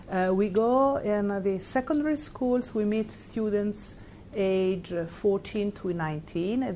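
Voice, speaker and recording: A woman's voice: mid-range voice, a little mellow, a little hiss or hum. A middle-aged woman from Italy with an Italian accent, giving a university lecture in English and often stopping to search for words. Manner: halting, searching for words, laughs while telling a story. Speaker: guest lecturer.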